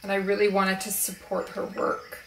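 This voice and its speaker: A woman chatting casually and slowly about her favorite card decks, with relaxed fillers as she shows them. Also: medium pitch, far from the mic, a little hiss or hum. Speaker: spiritual video creator. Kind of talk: casual show-and-tell chat. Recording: roomy echo, voice a bit off-mic.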